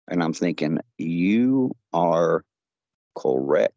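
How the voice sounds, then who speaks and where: A man's voice: sits low, lively intonation, takes it slowly, mellow, no echo. A man on a podcast call, retelling a strange conversation in a rambling way with lots of "he says.". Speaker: podcast guest. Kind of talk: casual podcast storytelling. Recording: dull lo-fi audio.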